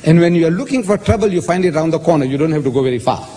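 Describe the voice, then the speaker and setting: A man lecturing on Bible verses, animated, quoting passages and posing rhetorical questions. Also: on the high side, very fast, background noise. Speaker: lecturer on scripture. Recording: hall reverb with faint ambience.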